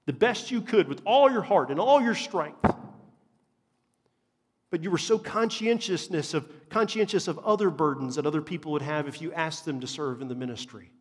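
A man's voice: a little high, breathy edge. A man, preaching a sermon as a pastor in an earnest, emphatic way and repeating phrases for stress. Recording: long reverb of a large hall.

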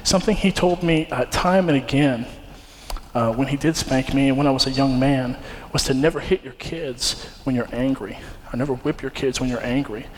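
A man's voice: mid-range voice, normal speed, darkish tone, slight background noise. A young man preaching a sermon, telling a personal story in an earnest, conversational way with frequent fillers and restarts. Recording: long hall reverb, faint ambience.

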